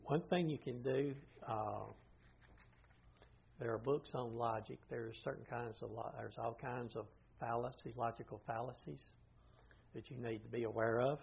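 A man's voice: medium pitch, steady tone, moderate pace, vocal fry, slightly rough. An older man teaching an informal Bible study class, plain-spoken and thinking aloud as he goes. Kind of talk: informal lecture to a group. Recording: dull lo-fi recording.

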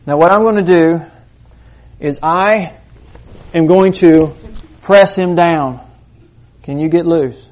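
A man preaching a sermon, moving between quiet asides and loud, emphatic points. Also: on the high side, slow, pauses often. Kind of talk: sermon with demonstration.

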